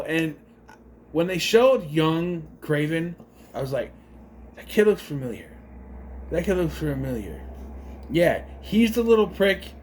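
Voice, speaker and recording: A man's voice: a little high, slight background noise. A man giving a casual spoken movie review, rambling with unsure asides and self-corrections.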